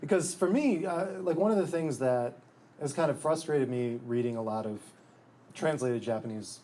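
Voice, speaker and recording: A man's voice: mid-range voice, normal speed, dark tone. A man, an author at a live bookstore event, reading from his book and talking about it in a dry, wry way, often restarting his sentences. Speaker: author and guest.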